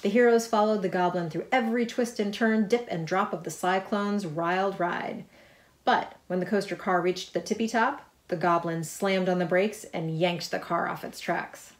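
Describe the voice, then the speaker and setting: Woman reading a picture book aloud, low and lively. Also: normal speed. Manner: lively reading, chatty asides about the pictures. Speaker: author reading her book. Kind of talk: storybook read-aloud.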